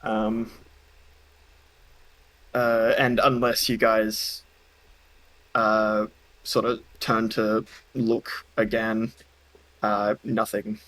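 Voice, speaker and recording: A man narrating a tabletop game as game master, pausing often with ums and uhs. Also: on the low side, little pitch movement, fairly bright tone, low-quality recording. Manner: hesitant, many ums and uhs.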